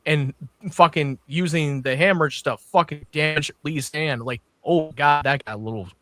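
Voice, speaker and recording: A young man co-hosting a casual podcast, reacting quickly and swearing casually. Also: fairly high pitch, fairly bright tone, dry recording. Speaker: podcast co-host. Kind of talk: casual chat.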